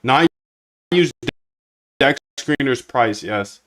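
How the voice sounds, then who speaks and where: A man's voice: medium pitch, lively intonation, slow, fairly bright tone, no echo. A man streaming while he codes, talking to himself and his chat in a slangy, casual way and calling everyone dude. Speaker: streamer coding a trading bot. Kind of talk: casual live-stream self-talk.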